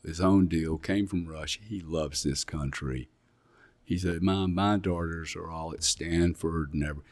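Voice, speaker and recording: Middle-aged English man, very low voice, blunt and emphatic, guest in a casual interview. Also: steady tone, measured pace, a little mellow. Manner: blunt, emphatic, repeats himself.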